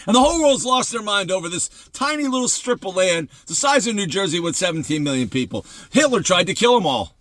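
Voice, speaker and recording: A man hosting a devotional show, preaching in an excitable, emphatic way, repeating phrases and often breaking into laughter. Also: sits high, a little fast, dry recording.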